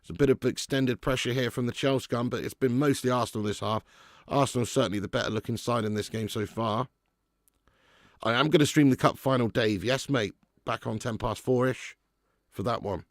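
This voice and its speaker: Chatty gravelly-voiced man hosting a match stream. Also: medium pitch, steady tone, a little fast, dry recording, clean studio sound. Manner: chatty, reads out viewer comments. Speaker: watch-along stream host. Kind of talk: live football commentary and chat.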